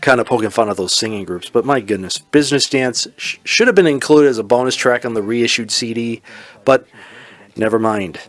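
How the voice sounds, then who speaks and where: A man's voice: medium pitch, brisk. A man hosting a solo music podcast, talking casually with rambling enthusiasm. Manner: enthusiastic, rambling, exclaims "oh my goodness". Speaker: podcast host.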